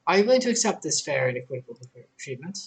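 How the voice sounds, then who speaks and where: A man voicing a calm, measured woman innkeeper in a video game, speaking formally and deliberately. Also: fairly high pitch, vocal fry, voice pushed up, low-quality recording. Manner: formal, deliberate, softly spoken.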